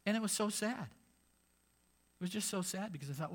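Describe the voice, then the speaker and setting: A man's voice: high voice, big pitch swings, moderate pace. A man, a pastor, preaching a sermon in a conversational way, with sarcastic asides.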